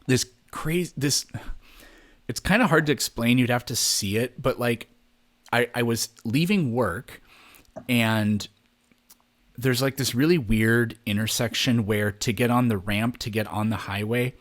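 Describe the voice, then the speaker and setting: A man's voice: medium pitch, a little slow, a bit bright. A man on a podcast telling a long story in casual chat, rambling and swearing freely, jumping into raised voices to act out other people. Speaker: podcast co-host.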